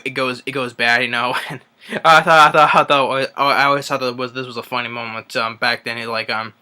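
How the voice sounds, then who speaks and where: A man's voice: mid-range voice, bright, forceful tone, clear, resonant tone. Rambling young man recapping a movie. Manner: rambling, many fillers and restarts. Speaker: movie reviewer. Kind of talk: casual spoken movie recap.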